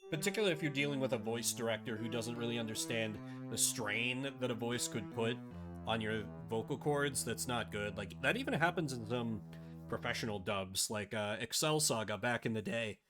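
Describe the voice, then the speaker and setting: A man's voice: mid-range voice, moderate pace. A man chatting casually and rambling as he streams a game live. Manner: chatty, rambling, self-deprecating. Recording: game music behind.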